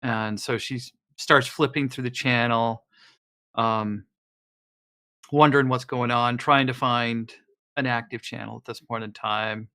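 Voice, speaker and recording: Bright-voiced man describing his game character. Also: mid-range voice, steady tone. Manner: halting, many fillers and restarts. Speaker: player.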